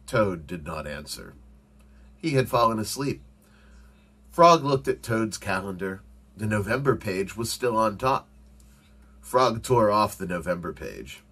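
A male teacher reading a storybook aloud for children, with expressive, animated delivery. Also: lowish voice, slow, pauses often, husky.

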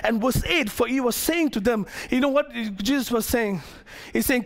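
A man preaching a sermon as pastor to his congregation, animated, acting out the characters of the story and joking with the crowd. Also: very high voice, moderate pace. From Malaysia. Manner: playful asides to the congregation.

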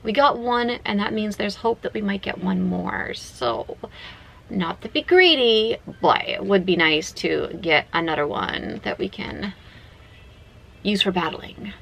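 A woman casually vlogging while she plays a phone game at home, chatty and excitable, talking to herself as she goes. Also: medium pitch, measured pace, creaky, slight background noise, poor audio. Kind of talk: casual gaming vlog.

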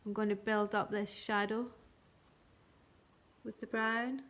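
A woman teaching colouring and shading on a live stream, talking gently step by step and thanking viewers by name. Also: medium pitch, little pitch movement, slow. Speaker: craft tutor.

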